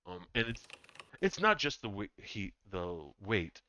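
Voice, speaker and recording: Lively game master man. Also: lowish voice. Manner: halting, with many ums and restarts. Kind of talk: narrating a tabletop game. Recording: dull dry lo-fi audio.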